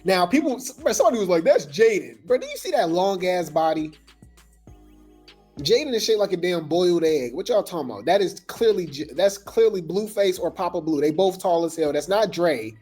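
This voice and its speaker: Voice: medium pitch, animated, normal speed, a little mellow, breathy edge, faint music behind. A gossip news host talking loosely in slang, full of fillers and restarts. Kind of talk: casual gossip commentary.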